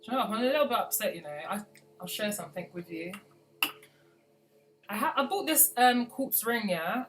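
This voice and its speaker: A woman's voice: mid-range voice, rough recording. Woman rambling on a live stream, casual and chatty, music going in the background. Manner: chatty, rambling, with many asides. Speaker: plant grower hosting a live stream.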